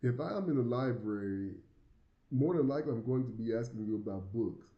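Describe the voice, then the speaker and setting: A man's voice: medium pitch, animated, brisk, roomy sound, muffled recording. An American man with a Southern accent and a slight lisp, talking casually to the camera in a rambling way, often repeating words and chuckling. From United States. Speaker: vlogger living abroad.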